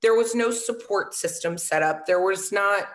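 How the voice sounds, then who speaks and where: A woman's voice: mid-range voice, normal speed. Woman, interview guest, former football coach, earnest, casual storytelling, lots of "um" and "right?". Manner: earnest, with frequent "um" and tag questions like "right?"; acts out quoted dialogue in lively voices.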